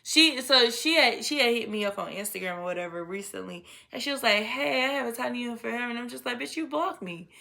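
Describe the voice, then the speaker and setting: A young woman telling a casual storytime, blunt, profane and animated, full of slang and quoted dialogue. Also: on the high side, quick pace, creaky, few pauses.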